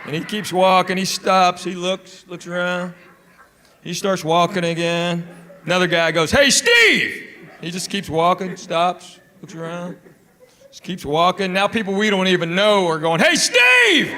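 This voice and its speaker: A man's voice: high-pitched, little pitch movement, normal speed, fairly bright tone. A man doing stand-up, telling stories with acted-out quotes and laughing along. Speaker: stand-up comedian. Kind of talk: stand-up comedy routine. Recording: live hall recording with audience noise.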